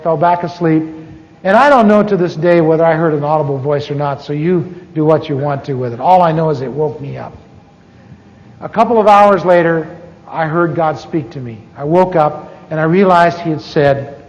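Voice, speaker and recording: A middle-aged American preacher with a fairly high voice tells his own story from the pulpit, stopping and starting as he plays out each conversation. The sound is muffled and old, with long reverb from a big church hall. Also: darkish tone. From United States. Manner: storytelling, acting out dialogue with halting restarts. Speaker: pastor. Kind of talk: sermon testimony.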